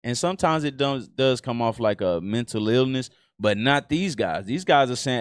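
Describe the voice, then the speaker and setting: A man's voice: medium pitch, animated, moderate pace, hardly any pauses, smooth, dry recording, studio quality. A man with a Southern US accent, doing casual reaction commentary in a loose, profane, rambling way with many restarts. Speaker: reaction streamer.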